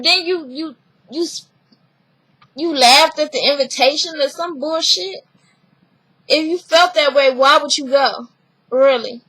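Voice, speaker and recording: A young woman vlogger recapping a reality show in casual chat, blunt and animated, swearing freely and laughing often. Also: high voice, rough recording.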